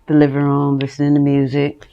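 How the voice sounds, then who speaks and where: A woman's voice: sits low, monotone, brisk, dull audio. A woman hosting her own podcast, talking candidly and emotionally at home and laughing now and then. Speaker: podcast host. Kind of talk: personal monologue.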